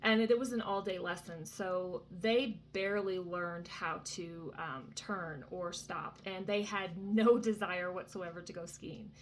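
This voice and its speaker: A woman's voice: fairly low pitch, steady tone, measured pace, hardly any pauses, slight background noise. A woman in her thirties talking casually from a vacation cabin, sharing an earnest faith testimony full of fillers and asides. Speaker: Christian vlogger.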